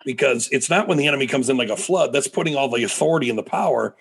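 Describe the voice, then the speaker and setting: A man's voice: medium pitch, expressive, very fast, creaky, slightly rough. A middle-aged American man, a preacher and guest, telling stories animatedly in a podcast interview with frequent restarts. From United States.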